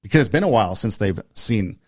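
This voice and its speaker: Fast and lively in intonation, a man with a lowish voice hosts a podcast and tells a personal story in casual conversation. He's earnest, speaks in short list-like phrases, and repeats phrases to drive points home. The recording is dry and studio clean.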